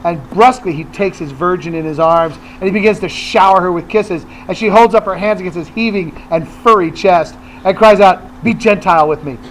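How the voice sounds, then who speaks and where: A man's voice: high-pitched, brisk, hardly any pauses, a little hiss or hum, poor audio. A man hosting a radio show, telling long jokes with relish in casual banter. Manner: tells long jokes with relish, acting out lines.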